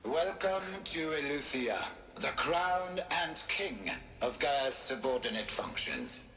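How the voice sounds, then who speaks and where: A stately, grandiose scientist leader delivers a formal address in a bright, forceful voice. The sound is roomy with a faint music bed behind him in this game scene. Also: male voice, mid-range voice, animated, slow, full character voice. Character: proud formal male scientist leader, middle-aged. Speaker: program director giving a recorded welcome address. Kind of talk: video game cutscene dialogue.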